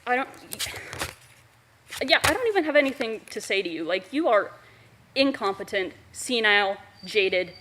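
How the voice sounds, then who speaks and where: A woman's voice: medium pitch, sing-song, moderate pace, a bit bright, slight background noise. A woman giving a scathing, profane public comment at a council meeting. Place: council chamber.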